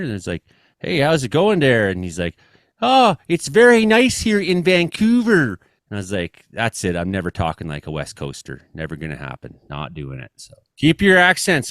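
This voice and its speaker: A man's voice: deep voice, no echo. Ottawa valley guy hosting a radio show, voice jumps all over, jokey and rambly, dry close sound. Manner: joking, animated, rambling. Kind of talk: casual show banter.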